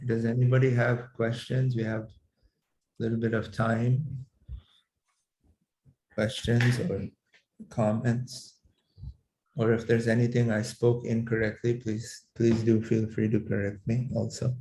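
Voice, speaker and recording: A man teaching a class on mantra healing, explaining in a measured way with frequent fillers and restarts. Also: medium pitch, flat delivery, dark tone, slight background noise. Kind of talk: lecturing to a class. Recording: echoey room sound.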